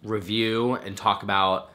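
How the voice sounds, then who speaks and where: Male vlogger, lowish bright voice, loose and chatty, swears freely. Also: flat delivery, a little slow. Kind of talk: casual reaction rant.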